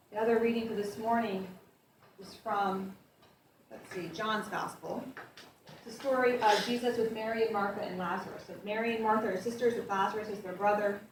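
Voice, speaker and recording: A woman pastor giving a conversational sermon, reading scripture with lively emphasis. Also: medium pitch, moderate pace, long pauses, slight background noise. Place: church sanctuary. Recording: echoey church heard from a distance.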